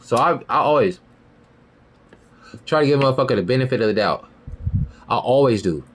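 A man in the middle of a ranting podcast monologue, his pitch leaping around in lively swings. He talks heated and profane, jumping up into loud high outbursts and then dropping low and muttering. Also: a little fast. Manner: heated, profane, repeats "you feel me" and "bro". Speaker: podcast host.

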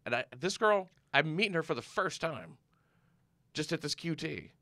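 A man's voice: fairly high pitch, lively intonation, moderate pace, pushed and bright, no echo, clean studio sound. A man in casual conversation, rambling through stories with lots of fillers and restarts. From United States. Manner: rambling storyteller, trails off with fillers. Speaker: comedian guest. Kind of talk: casual chat.

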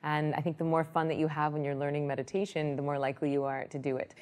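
A woman who teaches meditation, explaining her method in a lively way and telling an example story. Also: low voice, quick pace. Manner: lively storyteller, acts out quoted people.

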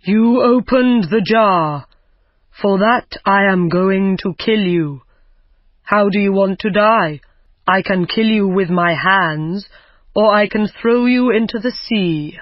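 A threatening giant, read aloud by a storyteller in a learners' audiobook. He speaks slowly and loudly, with middling pitch. The sound is dry and dull, like a lo-fi recording. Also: no echo. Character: angry male giant freed from a jar. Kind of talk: simple audiobook reading for learners.

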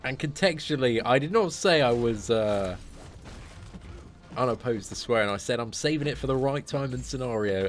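A man's voice: medium pitch, expressive, measured pace. A man giving live commentary on a mobile game to his viewers, chatting with chat and breaking into sweary, frustrated outbursts. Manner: chats to his viewers between fights.

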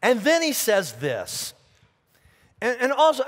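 A man preaching a sermon as pastor, animated, asking rhetorical questions and often repeating his words. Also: extremely high pitch, takes it slowly, pauses often, in a large hall. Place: church auditorium.

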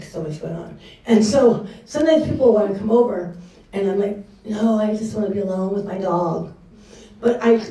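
A woman's voice: mid-range voice, warm tone. A middle-aged woman giving a candid, conversational sermon at a church gathering, often acting out her own reactions. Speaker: speaker at a church women's session. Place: church hall. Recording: echoey room from a distance.

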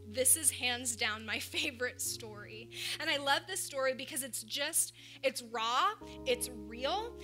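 A woman pastor giving a conversational sermon, telling the story with animated emphasis and casual asides. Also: sits high. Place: church.

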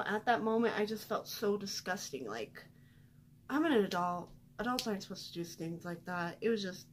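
A woman's voice: medium pitch, slight background noise. Chatty young woman telling a story. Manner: chatty, filler-heavy, self-deprecating. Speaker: vlogger. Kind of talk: casual storytime chat.

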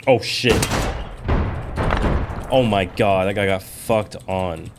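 A young man giving profane, frustrated commentary over his own gameplay, now and then yelling. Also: sits low, slow pace, heavy background noise. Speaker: gaming YouTuber.

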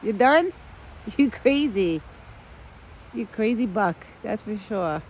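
A woman's voice: mid-range voice, lively intonation, slow, a little mellow, a little hiss or hum. A woman filming outdoors among trees and talking to her pet deer in doting baby talk, laughing often. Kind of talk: casual vlog narration.

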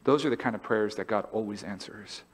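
Animated man preaching in a reverberant church. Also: fairly low pitch, fairly quick. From California. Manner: animated, storytelling, acts out voices and laughs. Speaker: pastor. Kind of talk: sermon. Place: church sanctuary.

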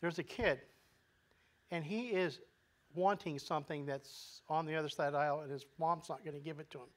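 A man with a fairly high voice for a man preaches a sermon in a relaxed, conversational manner. He asks the congregation questions and often restarts his words mid-phrase. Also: a little fast. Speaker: pastor.

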